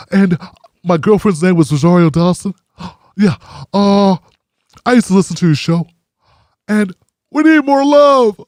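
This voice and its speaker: Man doing a gasping pleading politician, high lively voice, dry. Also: dry recording.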